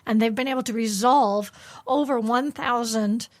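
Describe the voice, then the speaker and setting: A woman co-hosting a faith radio breakfast show, chatting casually and often pausing with fillers. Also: fairly high pitch. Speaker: radio co-host.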